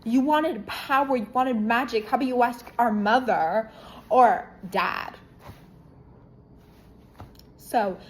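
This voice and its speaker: Female book reviewer, slow-talking, irreverent and profane, casual chat. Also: mid-range voice, a little hiss or hum, low-quality recording. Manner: irreverent, profane, animated retelling.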